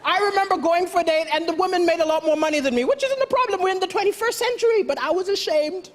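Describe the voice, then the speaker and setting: A man from Malawi doing stand-up comedy on a talent show stage, telling punchy stories with acted dialogue and pauses for laughs. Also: very high voice, animated. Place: large theatre stage with audience. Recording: broadcast stage mic with crowd noise. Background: loud audience laughter and cheers.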